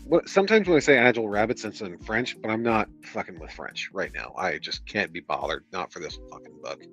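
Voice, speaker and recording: A man's voice: lowish voice, lively intonation, fairly quick, a bit bright, faint music behind, poor audio. A man reading a book aloud on stream, breaking off into sarcastic, exasperated commentary full of swearing.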